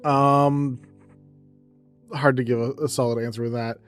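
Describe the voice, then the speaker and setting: Slow, hesitant man running a tabletop game. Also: mid-range voice, level tone, soft background music. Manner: hesitant, pausing with fillers. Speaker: game master.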